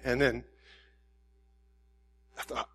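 A man's voice: drawn-out words, fairly bright tone, a little hiss or hum. A man preaching a sermon in a conversational way, acting out prayers and quotes with rising intensity. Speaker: pastor.

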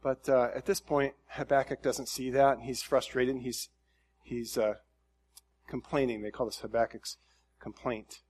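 A man preaching a conversational sermon in a relaxed, folksy way, with frequent fillers and restarts. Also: medium pitch, normal speed. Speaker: pastor.

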